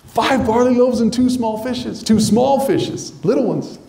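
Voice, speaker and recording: A man's voice: extremely high pitch, unhurried, gravelly, dark tone, voice pushed up, heavily acted. A man doing an eager, humble disciple. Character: eager, earnest male disciple, humble and quiet. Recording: roomy echo.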